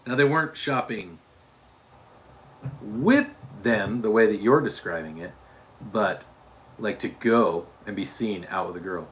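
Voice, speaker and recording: A man's voice: on the low side, measured pace, pauses often, a little hiss or hum. A man from Utah hosting a casual livestream, chatting with viewers and often restarting and repeating his words. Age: adult father. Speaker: livestream host.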